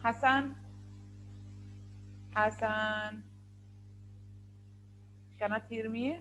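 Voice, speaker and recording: A woman's voice: sits high, lively intonation, normal speed, a little hiss or hum, poor audio. A woman teaching an online English lesson over a video call, asking questions over and over in a firm way.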